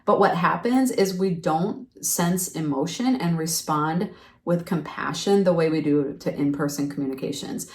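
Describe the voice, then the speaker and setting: A middle-aged woman chatting earnestly as a podcast guest, explaining at length with lively asides. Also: low voice, normal speed. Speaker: podcast guest, friendship workshop leader. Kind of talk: casual conversational chat. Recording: roomy and a bit far from the mic.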